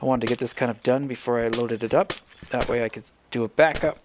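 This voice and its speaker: A man's voice: mid-range voice, fairly even intonation, fast talker, background noise. Man rambling through game commentary. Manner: rambling, self-correcting, thinks aloud. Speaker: Minecraft let's player. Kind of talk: casual gameplay commentary.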